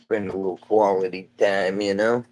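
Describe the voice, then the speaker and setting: A man's voice: sits low, flat delivery, moderate pace, darkish tone. A man streaming live from home, chatting casually in a loose, rambling way, swearing offhand and calling everyone "dude".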